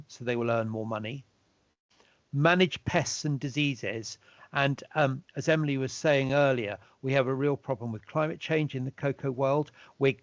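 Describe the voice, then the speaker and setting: A man giving a relaxed, chatty online presentation as a chocolate expert, now and then asking for the next slide. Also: mid-range voice, no room sound. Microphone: video call. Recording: dull, dry lo-fi audio.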